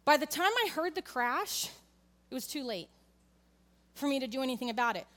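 Her high-pitched voice is animated and a bit bright, and she speaks fairly quickly while a long reverb tail trails each phrase. She's a church speaker in her thirties, delivering a conversational sermon in the sanctuary, telling an honest family story and addressing the congregation directly.

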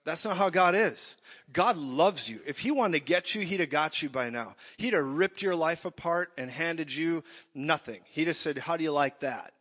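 A man preaching an energetic sermon, joking and acting out voices as he goes. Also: on the high side, normal speed. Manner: animated, jokey, acts out voices. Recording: dull echoey hall.

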